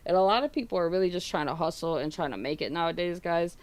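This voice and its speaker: Speaking quickly in a fairly low voice, a woman streamer rambles through a story for her viewers. She swears casually, uses lots of fillers, and retells other people's words by acting them out as quotes.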